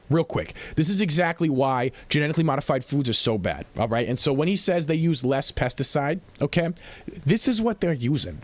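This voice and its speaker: A fired-up man talks back at video clips, slangy and repeating himself as he gets worked up. His pitch rises and falls widely and sits a little high, and the sound is dry and close with no room echo. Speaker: commentator reacting to clips. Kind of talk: heated casual commentary.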